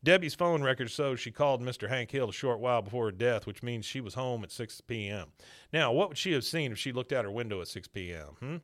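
A man voicing a stoic male Texas Ranger who lays out a case in a slow, formal manner. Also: medium pitch, expressive, fairly bright tone, lightly acted. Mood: laying out case.

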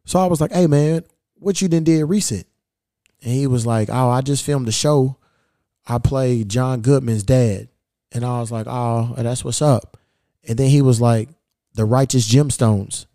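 Podcast host, male, casual and profane storyteller, mellow dark voice, dry close sound. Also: medium pitch, measured pace, dry recording. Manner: profane, rambling, animated when retelling.

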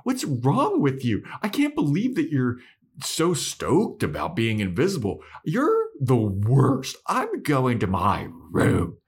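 A man's voice: mid-range voice, wildly swooping pitch, slow, slightly rough, voice pushed up, exaggerated voice. A man doing a mocking impression of an angry teenage girl while retelling a scene on a podcast. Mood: indignant.

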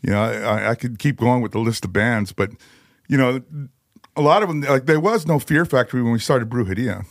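A man's voice: medium pitch, lively intonation, a little fast, no room sound. Rambling man telling stories, dry mic. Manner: rambling, loose, full of "you know" and "like". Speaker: guest musician. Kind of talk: casual storytelling conversation.

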